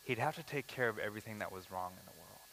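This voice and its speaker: A man preaching a conversational sermon, acting out quoted lines and shifting between quick and slow phrases. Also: fairly low pitch, expressive, vocal fry, fairly bright tone, a little hiss or hum. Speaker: pastor. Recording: reverberant hall.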